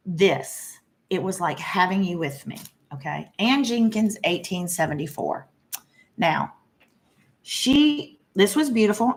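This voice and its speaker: A middle-aged woman, chatting casually and gushing as she shows off her cross-stitch haul. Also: medium pitch. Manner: chatty and gushing, many fillers. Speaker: flosstube host. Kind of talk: casual chat showing cross-stitch purchases.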